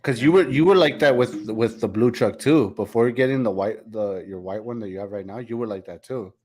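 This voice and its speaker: A man's voice: medium pitch, brisk, a little mellow. A man co-hosting a podcast, chiming in casually with reminders. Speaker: podcast co-host. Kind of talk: casual chat.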